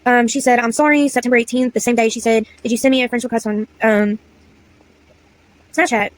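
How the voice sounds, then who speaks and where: A woman's voice: a little high, steady tone, brisk, rough recording. A young woman of about twenty, reading old text messages aloud in a chatty, exasperated story-time vlog. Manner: chatty, exasperated, slangy asides. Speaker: content creator.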